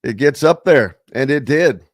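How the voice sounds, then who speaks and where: A man's voice: medium pitch, expressive, measured pace, no echo, studio quality. A man hosting a casual sports talk radio show, rambling loosely with plenty of fillers and reading listener comments aloud.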